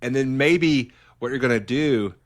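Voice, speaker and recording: A man's voice: medium pitch, unhurried. A middle-aged man, a filmmaker talking as a guest in a casual interview, enthusiastic and rambling, often restarting his sentences.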